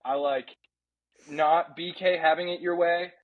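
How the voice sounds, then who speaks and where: A man co-hosting a casual sports podcast, ranting in an animated way and slipping into mock impressions. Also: fairly high pitch, a little slow, narrow, tinny audio. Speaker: podcast co-host.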